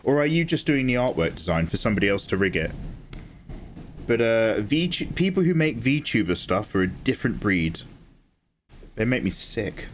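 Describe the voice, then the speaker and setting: A man chatting casually with viewers while he draws on a livestream, getting excited, swearing freely and thanking people by name. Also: mid-range voice. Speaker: livestreaming artist.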